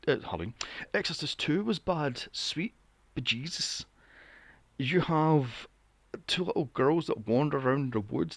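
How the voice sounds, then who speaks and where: A man with a mid-range voice and vocal fry hosts a podcast, recorded with no room sound. He rants about films in a casual, exasperated and profane way, like a casual film review rant.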